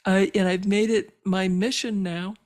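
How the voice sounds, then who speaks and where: An older woman, a physician, telling her personal story as a podcast guest, earnest and halting with many fillers and moved as she relives it. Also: medium pitch, steady tone, darkish tone. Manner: emotional when reliving moments.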